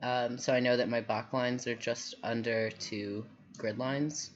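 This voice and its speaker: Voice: medium pitch, steady tone, measured pace. Rambling drawing instructor, muffled audio. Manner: rambling, self-deprecating, many fillers. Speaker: workshop instructor. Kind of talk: live drawing tutorial.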